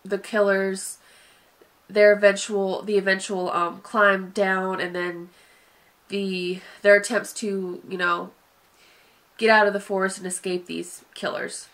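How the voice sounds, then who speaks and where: Speaking slowly in a level, fairly bright tone at medium pitch, this Southern woman reviews a film while sniffling from allergies. She sighs, hesitates and meanders with plenty of filler words in a casual way.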